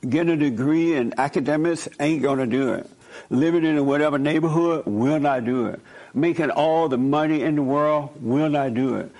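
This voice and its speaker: A man's voice: fairly high pitch, moderate pace, darkish tone. A man hosting a call-in talk show, preaching emphatically and repeating his points. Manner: emphatic, repeats points, chuckles while telling stories. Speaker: host.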